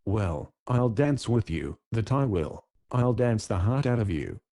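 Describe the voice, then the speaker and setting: A man voicing a drunken, swaggering male pirate captain with a hoarse, husky voice, read in an audiobook. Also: on the low side, big pitch swings, unhurried, warm tone. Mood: bold.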